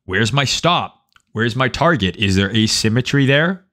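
A man's voice: mid-range voice, expressive, unhurried, sharp tone. A man hosting a trading livestream, talking casually with swearing and a habit of tagging "right?" on his points while reading chat aloud. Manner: conversational, profane, reads chat aloud, frequent "right?". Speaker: livestream host, trading educator.

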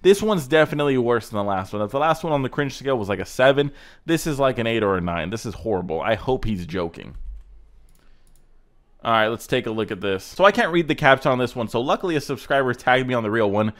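A man's voice: mid-range voice, lively intonation, fast. A man hosting a casual reaction video, ranting sarcastically and swearing as he mocks car clips. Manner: sarcastic, ranting, profane roasting.

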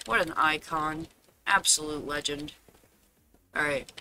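A man streaming a game live, talking casually to his chat, fretting aloud and now and then bursting into loud dramatic cries. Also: a little high, fairly even intonation, measured pace.

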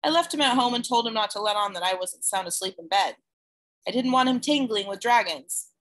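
A woman voicing a small boy who sounds uncannily wise and calm, speaking in a quiet, knowing, matter-of-fact way. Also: medium pitch, a little fast, natural voice.

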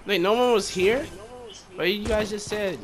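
A young man joking, swearing and yelling as he comments on a game with friends over a headset. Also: high voice, moderate pace, a crowd in the background. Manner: excitable, joking, swears, yells when excited. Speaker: gamer streaming with friends. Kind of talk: casual gameplay commentary. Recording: noisy game chat audio.

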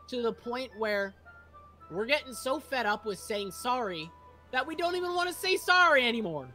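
A woman's voice: on the high side, expressive, moderate pace, sharp tone, soft background music. A woman chatting casually on a game stream, blunt and cracking crude jokes. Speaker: co-player on a stream. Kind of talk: casual chat while playing a game.

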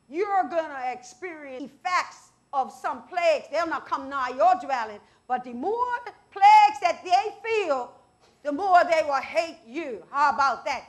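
A woman preaching a sermon, animated, with sudden loud scripture quotes and asides to the congregation. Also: high-pitched, moderate pace.

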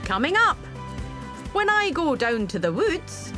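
A woman's voice: sits high, sing-song, a little slow, music in the background. A woman with a Glaswegian accent reading a light, wry scripted voice-over. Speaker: TV presenter.

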